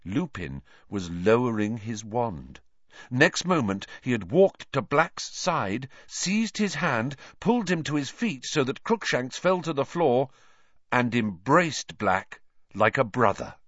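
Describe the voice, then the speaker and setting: A man narrating an audiobook with an expressive, dramatic reading. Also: mid-range voice, slow, no echo, highs cut off. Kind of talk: scripted narration.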